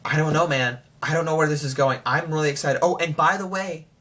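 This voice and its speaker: Young man, bright forceful voice, excitable, rambling, casual show review. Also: a little high, fairly quick.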